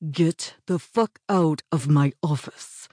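A woman reading the part of a tense young man fighting his own heat, who speaks in a strained, low growl. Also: sing-song, slow pace, vocal fry, dark tone, breathy edge, no room sound, clean studio sound, heavily acted. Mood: snarling.

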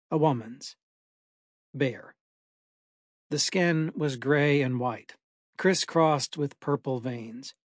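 A man's voice: fairly high pitch, dry recording. Man narrating a horror story, dry close sound. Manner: measured, dramatic storytelling.

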